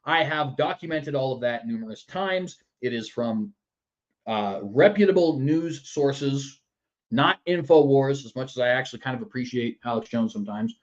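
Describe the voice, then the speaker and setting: A man's voice: medium pitch, moderate pace, lo-fi sound. A man hosting a political commentary show in a sarcastic, mocking manner. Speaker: news commentary host.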